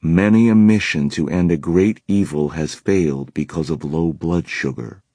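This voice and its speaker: A man voicing a quiet, dry-humored young man who speaks in a deadpan way. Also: low voice, unhurried, husky, dry recording, exaggerated voice.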